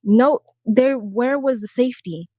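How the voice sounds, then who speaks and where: A woman's voice: fairly high pitch, unhurried, darkish tone, dry recording, lo-fi sound. Heated, sarcastic young woman ranting. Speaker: commentary vlogger. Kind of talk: ranting commentary to camera.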